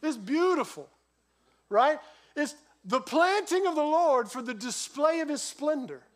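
A middle-aged man preaching a sermon as a pastor, telling stories with a lively voice that rises and drops sharply. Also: very high voice, a little slow. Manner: lively storytelling, voice rising and dropping sharply.

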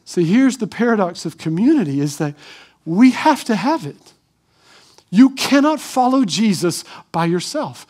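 Male pastor, very high voice, animated sermon delivery, acts out crowd chants. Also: a little slow.

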